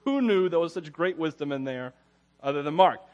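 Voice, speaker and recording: A man's voice: a little high, animated, fairly quick, darkish tone, highs cut off. A man preaching a casual, conversational sermon as a pastor, rambling through personal stories and chuckling often.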